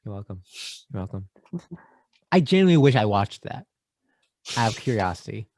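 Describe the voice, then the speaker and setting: A man co-hosting a casual movie podcast, joking and rattling off shout-outs. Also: lowish voice, very animated, moderate pace, no room sound. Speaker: podcast co-host. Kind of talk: casual chat.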